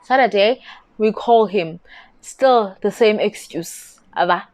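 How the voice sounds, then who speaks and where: A young South African woman with a South African accent, telling a story to camera in a casual vlog with animated, indignant bursts. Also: medium pitch, slow pace, no room sound. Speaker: YouTuber.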